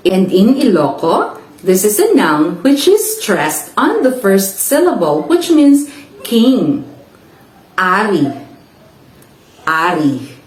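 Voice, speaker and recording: A woman's voice: mid-range voice, huge pitch swings, slow pace, darkish tone, echoey room, poor audio. A woman from the Philippines with a Filipino accent, giving a lecture and carefully enunciating and repeating example words. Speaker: university lecturer. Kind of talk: slow, deliberate lecture on word pairs.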